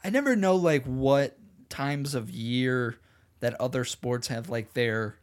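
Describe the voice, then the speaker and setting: A man's voice: mid-range voice, takes it slowly. A man co-hosting a podcast, tipsy and crude, laughing often through casual chat. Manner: laughs a lot, crude and joking. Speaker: podcast co-host. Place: bedroom.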